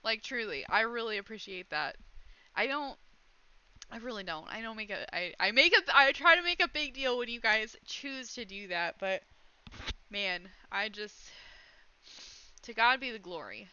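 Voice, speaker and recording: A woman's voice: a little high, lively intonation, normal speed, long pauses, bright, forceful tone, clean tone, muffled recording. A woman streaming casually, chatting to her viewers and gushing thanks, close to tears. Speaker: streamer hosting Bible study. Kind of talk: casual livestream chat.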